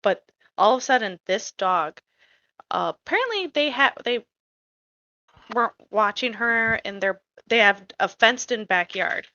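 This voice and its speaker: A woman's voice: a little high, animated, measured pace, sharp tone, no echo, lo-fi sound. A woman co-hosting a podcast, telling a story in casual chat in a blunt, profane way that gets heated. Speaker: podcast co-host.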